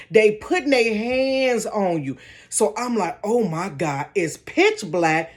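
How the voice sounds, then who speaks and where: An older woman telling a dramatic story from her bedroom, talking straight to her viewers in a casual, expressive way. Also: medium pitch.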